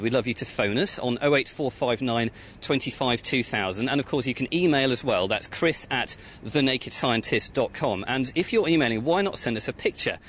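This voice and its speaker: Brief: male field reporter outdoors, rapid delivery, faint rumble behind. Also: a bit bright. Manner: upbeat, talking to children on site. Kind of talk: live radio report. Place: outdoors at a museum site.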